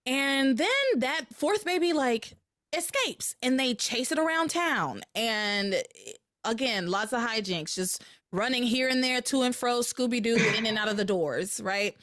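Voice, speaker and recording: A woman hosting a podcast, chatting casually as she recaps a soap opera episode and jumps up in pitch when something excites her. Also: unhurried, no room sound, studio quality. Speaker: podcast host.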